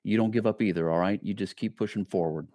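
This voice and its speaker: A man hosting a podcast, thanking his guest and delivering a measured, deliberate sign-off. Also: on the low side, dark tone. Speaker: podcast host. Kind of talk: podcast interview and outro.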